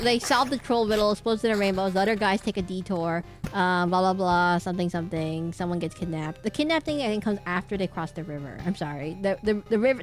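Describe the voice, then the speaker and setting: Rambling woman streamer chatting while gaming. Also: mid-range voice. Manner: rambling, animated retelling with many restarts.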